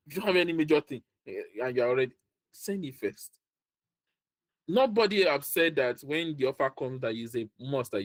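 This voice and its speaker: A man's voice: on the high side, no echo. A man giving a motivational career talk, repeating his points, laughing often and acting out the people he quotes. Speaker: career workshop speaker.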